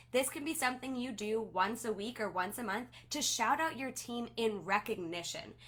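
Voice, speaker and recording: A woman's voice: fairly high pitch, a bit bright. A woman who leads a direct sales team, coaching them in an upbeat, gushing and encouraging way.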